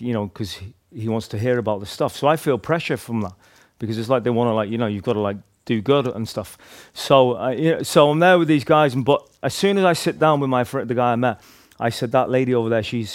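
A man's voice: mid-range voice, brisk, few pauses, no echo, clean studio sound. A man casually recounts his street evangelism, rambling and leaning on "like" and "you know". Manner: rambling, heavy use of "like" and "you know", restarts. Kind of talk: casual storytelling testimony.

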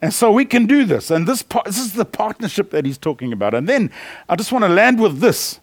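High-voiced man preaching a relaxed sermon. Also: brisk, no room sound. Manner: conversational storytelling with frequent laughs and restarts.

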